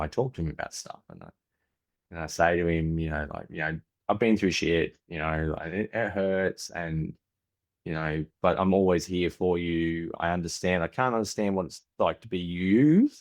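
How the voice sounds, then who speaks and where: Low-voiced Australian man telling family stories. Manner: frequent restarts, acts out family dialogue. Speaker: podcast guest. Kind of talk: candid conversational storytelling.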